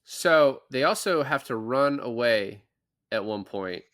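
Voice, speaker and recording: Podcast co-host, man with a bright, lively voice, rambling and speculative. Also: mid-range voice, slow, dry recording, clean studio sound. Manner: rambling, speculative, laughs often. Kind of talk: casual movie chat.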